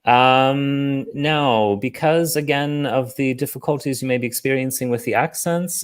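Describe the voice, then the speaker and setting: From home on a livestream call, a man hosts an online comedy show, rambling, halting often, and poking fun at himself along the way. His voice is medium in pitch, clear, and resonant.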